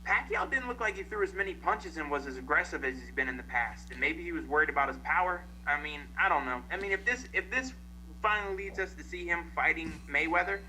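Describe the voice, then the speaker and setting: A man's voice: a little high, lively intonation, fast, pushed and bright, a little hiss or hum, rough recording. A tired man in a casual boxing chat, hesitant and full of fillers.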